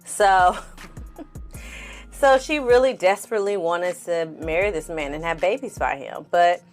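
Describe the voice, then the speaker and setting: A woman's voice: fairly low pitch, a little slow, soft background music. A woman giving a casual reaction commentary on a TV show, blunt and sassy, swearing freely and talking straight to her viewers. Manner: talks straight to the audience. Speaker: TV reviewer.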